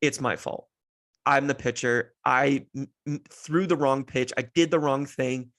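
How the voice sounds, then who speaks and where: A man's voice: medium pitch, steady tone, a little slow, fairly bright tone. A man in his thirties hosting a podcast, telling a heartfelt personal story in a rambling way with many restarts, sounding close to tears. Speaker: podcast host.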